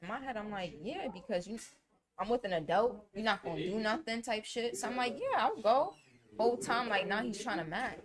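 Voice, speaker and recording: A woman's voice: mid-range voice, brisk, crowd noise. A woman in her twenties, a podcast co-host, telling a story in slangy casual chat.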